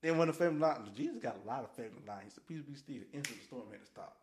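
There's a little hiss or hum behind this man's rapid-fire, mid-range voice as he co-hosts a relaxed faith podcast. He brings Bible stories to life, voicing characters and breaking into shouts.

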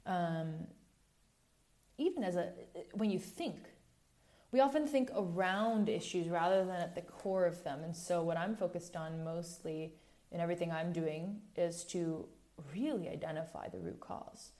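Her voice is slightly low and mellow, and she speaks a little slowly while hosting a casual podcast monologue. Candid and animated, she corrects herself mid-sentence and drifts into asides, sometimes turning a little preachy as she presses her point.

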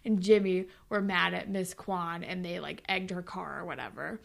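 Gravelly young woman, animated recap chat. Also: on the low side, moderate pace. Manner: animated, acts out quotes with big swings, swears freely. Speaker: podcast co-host recapping a TV episode. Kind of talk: casual chat.

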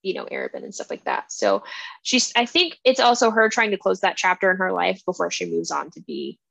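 A young woman co-hosting a book podcast, chatting casually and quoting characters with animated voices. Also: mid-range voice, fairly quick, creaky, dry recording. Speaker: podcast co-host. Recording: dull, dry, lo-fi sound.

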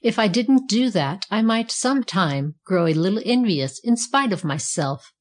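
A woman voicing a cheerful, self-satisfied talking fire poker in a read-aloud storybook, speaking calmly. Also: mid-range voice, unhurried, natural voice. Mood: contented.

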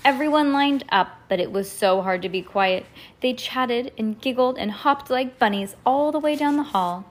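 Mom reading a kids book out loud at home, chatting w her kid between pages. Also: fairly high pitch. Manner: pauses to chat with the child. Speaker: parent reading to a child. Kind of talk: reading a storybook aloud.

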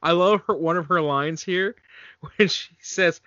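Bright-voiced joking man. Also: fairly high pitch, normal speed, no room sound, dull audio. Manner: joking, sarcastic asides. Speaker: podcast co-host. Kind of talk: casual movie review chat.

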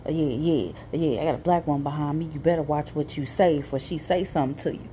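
A woman's voice: low voice, quick pace, warm tone, slight background noise, close to an everyday voice. A woman voicing a belligerent man who picks a fight in a store checkout line, swaggering and confrontational. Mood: taunting.

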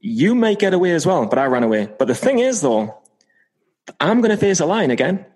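A man's voice: high voice, very animated, fairly quick, darkish tone, poor audio. A man co-hosting a casual podcast chat, playful and given to mock-dramatic confessions. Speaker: podcast co-host.

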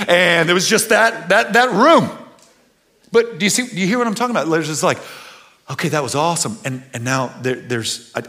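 A middle-aged man, preaching a conversational sermon that swings from quiet and earnest to loud, animated bursts. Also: fairly high pitch. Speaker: pastor.

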